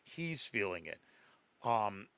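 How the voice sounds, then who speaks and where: A man's voice: lowish voice, slow pace, creaky, clear, resonant tone, no echo. A man co-hosting a podcast, chatting casually about a horror film and laughing as he acts out lines. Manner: laughing, animated retelling with acted-out quotes. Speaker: podcast co-host. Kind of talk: casual chat.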